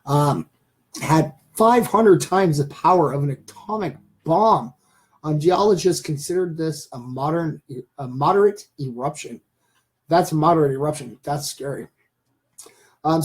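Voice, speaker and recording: A man's voice: fairly high pitch, darkish tone. Rambling man hosting a live stream. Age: 30s. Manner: rambling, talks straight to viewers. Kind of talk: casual live-stream chat.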